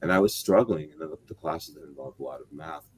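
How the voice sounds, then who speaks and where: His voice very deep and husky, a middle-aged American man speaks fairly quickly as a guest in a casual interview. He rambles in a reflective way, frequently amending his own statements.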